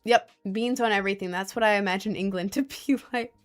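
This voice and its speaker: A young woman from the States streams live, tossing out sarcastic jokes as she answers chat. She laughs a lot and keeps it loose and casual, her voice sitting in a middle pitch. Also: fairly quick. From United States. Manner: joking, sarcastic, laughs often.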